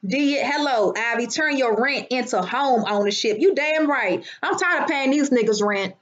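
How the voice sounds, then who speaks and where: A woman's voice: sits high, expressive, moderate pace, dull audio. A woman hosting a casual live stream, brash and profane, greeting her viewers by name. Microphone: phone.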